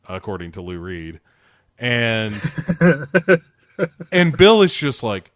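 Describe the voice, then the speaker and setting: A man's voice: mid-range voice, expressive, takes it slowly, long pauses, dry recording, studio quality. A man casually recapping a TV episode with a co-host, animatedly acting out lines, swearing and laughing. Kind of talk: casual chat.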